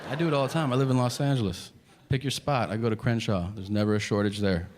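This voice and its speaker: A man's voice: on the low side, quick pace, long reverb tail, very noisy. A male stand-up comedian on stage with a handheld mic, telling a profane story and acting out the dialogue. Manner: animated, profane, acts out dialogue.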